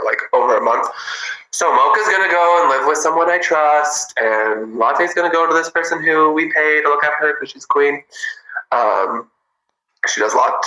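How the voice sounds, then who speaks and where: A man chatting casually with viewers on a livestream, bubbly and giggly, in an animated way. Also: medium pitch, reverberant, rough recording. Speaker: livestream host.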